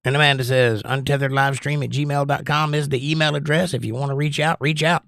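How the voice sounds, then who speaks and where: This livestream host has a mid-range, gravelly, slightly bright voice with a steady tone, and he talks quickly. The recording is studio quality with no room sound. He chats and rambles casually, reading the viewers' comments out loud.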